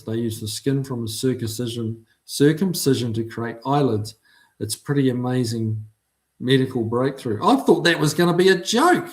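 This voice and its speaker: Medium in pitch and darkish in tone, a middle-aged livestream host from New Zealand chats casually while reading viewer comments in his New Zealand accent. He keeps it laid-back, with frequent ums.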